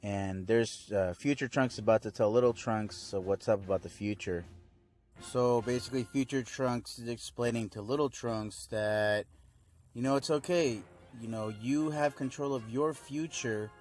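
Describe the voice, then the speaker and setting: A man's voice: medium pitch, fairly even intonation, moderate pace, darkish tone, faint music behind. A young man casually recapping a cartoon episode, rambling and laid-back, full of fillers. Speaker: fan video reviewer.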